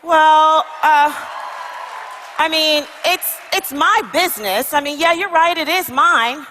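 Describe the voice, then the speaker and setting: A woman's voice: high-pitched, slow pace, long reverb tail, crowd noise, noisy background. A woman playing a weary traveler who talks hesitantly and confessionally about her doubts in a motivational comedy skit. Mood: doubtful.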